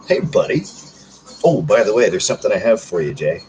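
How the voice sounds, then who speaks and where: A man's voice: sits low, expressive, a little fast, faint music behind, low-quality recording. A man in his thirties chatting casually on a livestream, reading out comments in a rambling, self-joking way. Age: 30s. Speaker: livestream host.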